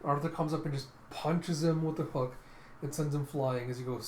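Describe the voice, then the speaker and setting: A man's voice: fairly high pitch, steady tone, moderate pace. Man, casual comic readthrough, chatty narration, echoey room, faint background noise. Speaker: manga reader.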